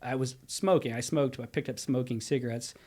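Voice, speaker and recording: A man in his thirties who teaches high school. He speaks in a mid-range voice and tells his story in a relaxed, conversational way. He slips into his students' voices as he retells it. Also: fairly quick. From Pennsylvania. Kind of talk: casual podcast conversation.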